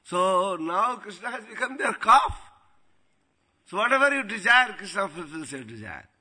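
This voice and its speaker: A man tells devotional stories as a spiritual teacher, animated and quick to laugh. His voice sits slightly high, with a very sharp, bright edge. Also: husky. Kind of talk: devotional storytelling talk.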